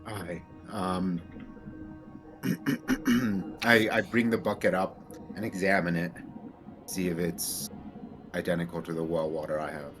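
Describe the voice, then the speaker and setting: A man's voice: low voice, steady tone, takes it slowly, pauses often, music in the background. A man playing a tabletop game, talking in a hesitant, giggly, casual way. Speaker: player.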